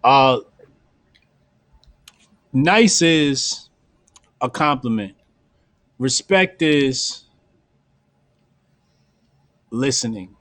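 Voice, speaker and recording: A man hosting a casual podcast, talking bluntly in slang and acting out quick bits of dialogue. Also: medium pitch, a bit bright, dry recording. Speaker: podcast host.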